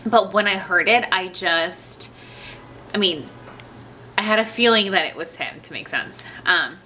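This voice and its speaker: A woman's voice: medium pitch, unhurried, bright, forceful tone, slight background noise. A young woman telling a personal story to her camera at home, chatty and rambling with many fillers and asides. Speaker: vlogger.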